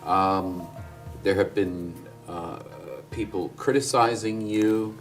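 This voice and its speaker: Male interviewer, hesitant, slow, very deep voice, distant from mic, faint music. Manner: hesitant, with many fillers. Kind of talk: interview questions.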